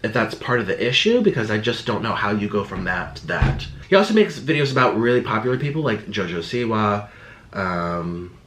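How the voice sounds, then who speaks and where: A man's voice: fairly low pitch, sing-song, a little fast, a bit bright, a little hiss or hum. A young man YouTuber talking casually to camera, rambling and defensive, slipping into sarcastic quoted voices. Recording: echoey room.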